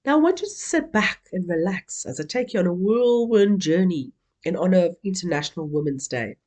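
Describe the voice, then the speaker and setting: Woman, keynote speaker, playful, energetic, animated pitch. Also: a little fast. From South Africa. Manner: playful, energetic, coaxing an audience to join in. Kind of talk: interactive keynote speech.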